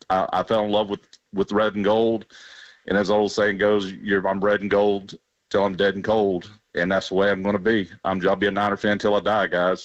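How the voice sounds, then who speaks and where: Choked-up alabama guy calling in on a dull phone line, low flat voice. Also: dry recording. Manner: emotional, rambling, heartfelt. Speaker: radio caller. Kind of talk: emotional phone-in call.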